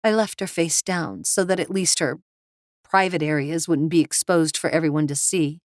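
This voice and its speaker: A terrified young mother, tearful and shaking, voiced by a woman narrator. Her dry, close audiobook voice pitches up in panic. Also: normal speed, no echo, natural voice. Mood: shaken. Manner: screaming, high-pitched with panic.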